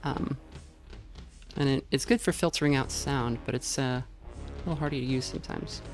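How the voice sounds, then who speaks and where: A woman's voice: rumbling low, normal speed. A woman streamer chatting casually over her gameplay, rambling into tangents with lots of fillers, speaking into a dynamic USB mic at home. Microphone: dynamic USB microphone. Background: faint game music.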